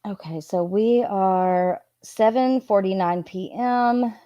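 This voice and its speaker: Woman on a live stream reading texts out to chat, slow and drawn out, chatty, snaps at trolls now and then. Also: medium pitch, mellow, no echo, highs cut off. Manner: chatty, breaks off to scold chatters. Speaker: host reading messages aloud to a live chat. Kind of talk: casual live-stream commentary.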